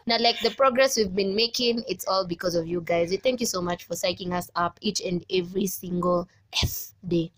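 A young Kenyan woman hosting a casual podcast, lively and laughing often, mixing English with Swahili slang. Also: lowish voice, fairly quick, hardly any pauses, soft background music. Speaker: podcast host.

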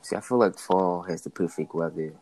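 A man's voice: low-pitched, brisk, darkish tone, a little hiss or hum, low-quality recording. A man co-hosting a casual podcast chat, teasing and arguing with his friends. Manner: teasing, argumentative. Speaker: co-host.

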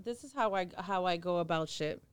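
A woman co-hosting a podcast in casual chat, telling stories in an animated, blunt and profane way. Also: on the low side, a little fast, smooth, dry recording, studio quality. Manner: animated storyteller, acts out both sides of a quarrel. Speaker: podcast co-host.

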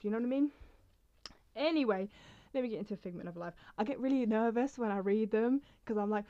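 A woman's voice: medium pitch, fairly quick, mellow. Rambling young woman poetry vlogger. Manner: rambling, chatty, self-interrupting. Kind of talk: casual chat and poetry reading. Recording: slightly dull lo-fi sound.

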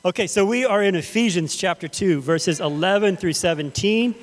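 A middle-aged man raised in Texas preaches to his congregation in an easy, chatty style, often checking in with them. His voice sits a little high. The sound carries a long hall reverb. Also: normal speed, a little hiss or hum. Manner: casual, conversational, addresses the congregation directly. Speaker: pastor. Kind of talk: sermon with storytelling. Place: church sanctuary.

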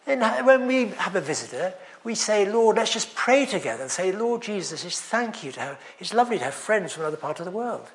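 A man preaches in a chatty, storytelling way, dropping in wry jokes at his own expense. His voice sits high for a man and swings widely in pitch as he talks. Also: big pitch swings, brisk, few pauses, a bit bright. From England. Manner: chatty, anecdotal, self-deprecating humour. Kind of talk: sermon.

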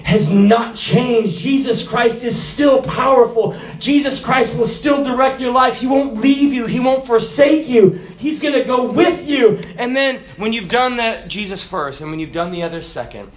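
High-voiced preacher in an echoey hall. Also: male voice, unhurried, hardly any pauses. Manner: swings from loud emphatic preaching to soft low asides. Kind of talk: sermon.

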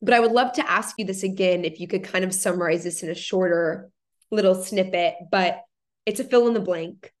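A woman's voice: fairly low pitch, fairly quick. Effusive young woman host. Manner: effusive, emotional, gushing reactions. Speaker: podcast host. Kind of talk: warm emotional interview.

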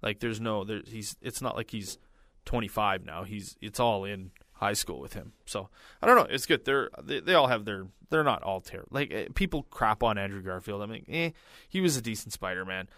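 Male podcast co-host, lowish voice, dry close mic, loose rambling chat full of fillers. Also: expressive, a little fast, sharp tone, dry recording. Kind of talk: casual chat.

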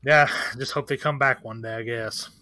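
A man's voice: mid-range voice, fairly even intonation, moderate pace, bright, forceful tone, no room sound. A man talking as a podcast guest in a candid, rambling, profane casual chat full of fillers. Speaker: guest, record shop owner.

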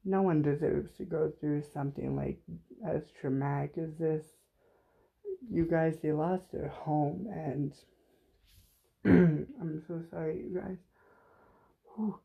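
A man hosting a podcast alone, speaking slowly and haltingly with lots of pauses and fillers. His voice has a gravelly edge and sounds close to tears. The recording is a bit dull and lo-fi. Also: a little high. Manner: halting, many fillers, emotional and apologetic. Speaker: podcast host. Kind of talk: unplanned solo podcast talk.

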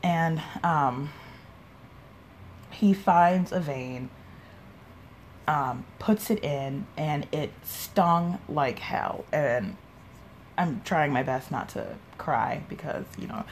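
A young woman with a low voice hosts her own podcast, telling a long personal story in a rambling, casual way. She swears freely and acts out what other people said. A faint hiss of background noise sits under her voice. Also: drawn-out words, long pauses. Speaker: podcast host. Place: home, sipping a drink while recording.

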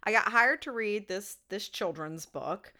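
Bright-voiced woman ranting on a podcast. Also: mid-range voice, lively intonation, unhurried. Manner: ranting storyteller, swears freely. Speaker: podcast co-host. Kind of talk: casual chat.

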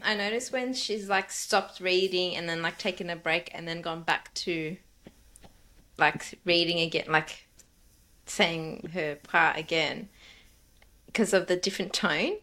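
A woman's voice: on the low side, unhurried, sharp tone. A woman co-hosting a casual podcast, speaking bluntly and with exasperation. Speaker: podcast co-host. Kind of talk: casual chat.

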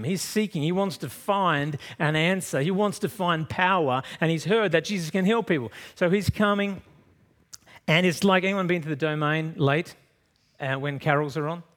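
Aussie pastor preaching, storytelling, goes loud then drops quiet, voice a bit high. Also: male voice. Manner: lively storytelling, swings from loud to soft. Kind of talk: sermon.

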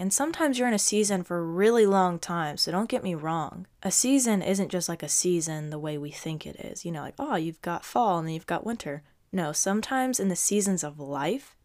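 A young woman hosting a reflective faith-based podcast, speaking earnestly and encouragingly. Her voice sits a little low for a woman and sounds slightly stuffy. She often sinks into a soft near whisper. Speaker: podcast host.

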